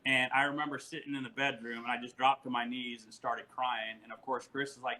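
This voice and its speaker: A man in his forties, a podcast guest, telling family stories in casual chat, animated and laughing often. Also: medium pitch, fairly quick, few pauses, rough recording.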